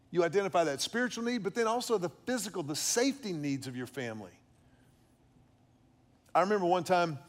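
A middle-aged man giving an earnest faith-based teaching on fatherhood, often repeating and restarting words. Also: high voice. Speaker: preacher on fatherhood.

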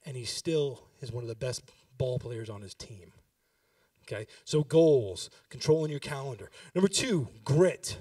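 A man's voice: mid-range voice, lively intonation, measured pace, warm tone, no room sound, clean studio sound, far from the mic. A pastor in his thirties giving a sermon, talking with the congregation and building to emphatic exhortation.

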